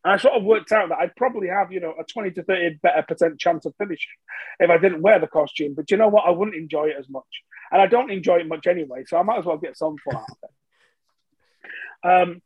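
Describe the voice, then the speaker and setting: A man's voice: high voice, fairly quick, breathy edge, no echo, lo-fi sound. A man from England, telling a story as a podcast guest in a casual, self-mocking way. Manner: chatty and self-mocking, with frequent fillers and restarts.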